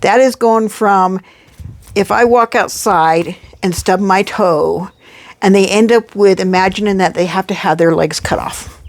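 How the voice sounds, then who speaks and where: A woman co-hosting a casual podcast. She explains things in a measured way and reads from her notes. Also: mid-range voice. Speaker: podcast co-host.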